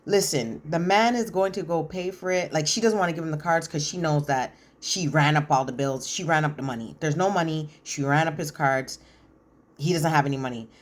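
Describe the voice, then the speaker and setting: This woman's voice sits low, and her pace is fairly quick. She offers casual, opinionated commentary on a reality show, retelling scenes with animation and slangy asides.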